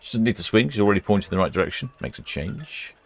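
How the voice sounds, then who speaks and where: A man's voice: fairly low pitch, very animated, fast. A British man hosting a live ship-watching stream, chatting casually and reading out viewer comments. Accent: British English. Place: indoors in a warm room by the quay.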